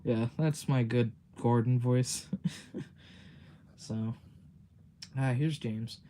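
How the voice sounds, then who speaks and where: A man's voice: medium pitch, steady tone, drawn-out words, warm tone, a little hiss or hum. A man chatting on a livestream, rambling with filler words, giggling often and swearing casually. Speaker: streamer.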